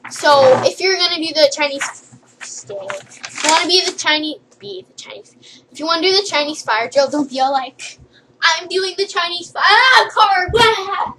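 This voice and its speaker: A woman's voice: high voice, noisy background. A young woman vlogger rambling playfully and giggling through a silly list. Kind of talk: silly comedic list vlog.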